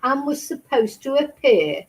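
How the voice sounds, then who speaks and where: A woman's voice: sits high, big pitch swings, measured pace, darkish tone, low-quality recording. A woman hosting a true crime channel, chatting casually with her viewers. She rambles and keeps asking rhetorical questions. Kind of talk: casual chat with live chat viewers.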